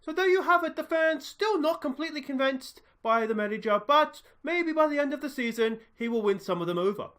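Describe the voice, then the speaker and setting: A man's voice: very high-pitched, lively intonation, brisk, few pauses, voice pushed up. A man voicing a chipper television reporter questioning fans outside a stadium. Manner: bright presenter patter. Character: upbeat male TV street reporter.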